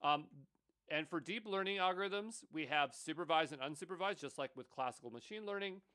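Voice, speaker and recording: A man's voice: a little high, a little fast, bright, forceful tone. A man teaching an online course, explaining slides casually and thinking aloud with fillers and asides. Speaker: course instructor. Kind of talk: casual lecture over slides.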